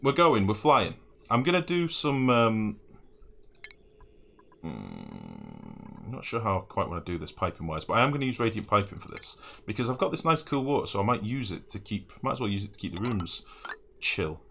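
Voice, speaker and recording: A man's voice: fairly low pitch, huge pitch swings, moderate pace, creaky, a bit bright, a little hiss or hum. A man streaming a game live, rambling and swearing as he builds, often humming and mumbling to himself. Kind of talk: live gameplay commentary.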